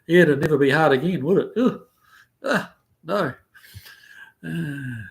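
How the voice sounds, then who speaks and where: A man's voice: fairly high pitch, animated, measured pace, creaky. A man with a New Zealand accent hosting a casual livestream, reading viewer comments aloud in a rambling, easygoing way with plenty of ums and uhs. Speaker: livestream host. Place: living in the United States.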